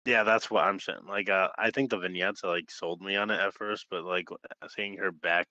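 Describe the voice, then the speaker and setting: A man's voice: deep voice, fairly even intonation, normal speed, pushed and bright. A man co-hosting a casual wrestling podcast, talking with enthusiasm and swearing now and then. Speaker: podcast co-host. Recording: dull lo-fi dry mic.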